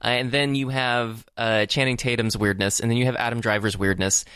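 A man's voice: mid-range voice, flat delivery, fairly quick, a bit bright, clean tone, dry recording, studio quality. A man co-hosting a casual movie podcast, talking in a rambling, hesitant way with many fillers and restarts. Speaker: podcast co-host.

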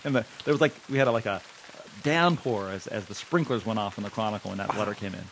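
A man with a lowish voice talks fast while hosting a casual podcast, joking and chatting with his co-host. He's animated and reads letters aloud with flair.

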